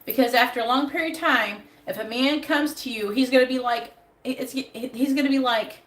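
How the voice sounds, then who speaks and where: A woman's voice: sits high, normal speed, fairly bright tone. A woman giving a live tarot reading, handing out blunt advice with plenty of swearing. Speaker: tarot reader. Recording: echoey room with faint background noise.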